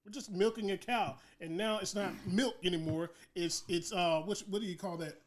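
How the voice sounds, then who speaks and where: A man co-hosting a relaxed podcast conversation, his voice sitting a little high for a man. He drives his points home with rhetorical build-ups and punchy asides. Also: normal speed. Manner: emphatic, rhetorical "guess what" build-ups. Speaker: podcast co-host. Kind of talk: casual chat.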